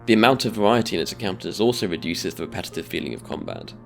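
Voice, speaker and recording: A man giving a scripted video-essay narration in a measured, deliberate way. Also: sits low, big pitch swings, gravelly, faint music behind.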